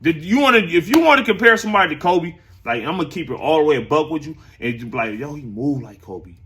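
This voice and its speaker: A man's voice: fairly high pitch, lively intonation, fast, fairly bright tone, a little hiss or hum. A man hosting a casual sports talk stream, chatting loosely with viewers, rambling and repeating his phrases.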